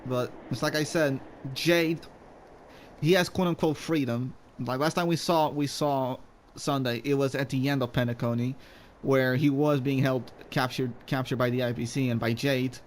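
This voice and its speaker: A man's voice: medium pitch, fairly even intonation, normal speed, a little hiss or hum. A man casually commenting while playing through a game story, rambling and restarting his sentences. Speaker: gaming YouTuber. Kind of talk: casual let's-play commentary.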